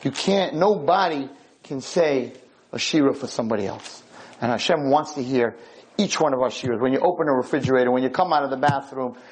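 A man teaching an animated Torah class, telling stories dramatically and dropping suddenly to a hush. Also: medium pitch, fairly quick, low-quality recording.

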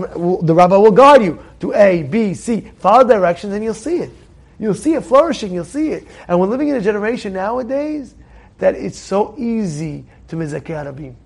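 High-voiced man giving an animated Torah lesson. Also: a little fast, creaky. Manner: animated, repetitive, rhetorical questions to the audience. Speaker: rabbi teaching a Torah class. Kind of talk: informal Torah lesson to a congregation. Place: synagogue study hall.

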